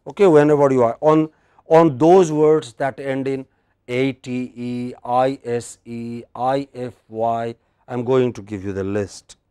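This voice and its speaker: Male Indian English teacher, mid pitch, dry sound, classroom drills. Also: steady tone, unhurried, mellow, clear, resonant tone, no room sound. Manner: drills word stress, quizzing students. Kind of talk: classroom lecture.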